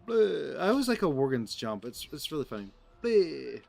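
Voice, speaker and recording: A man's voice: mid-range voice, big pitch swings, quick pace, faint music behind. A man giving casual commentary over his gameplay, rambling and joking with lots of filler words. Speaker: gaming streamer.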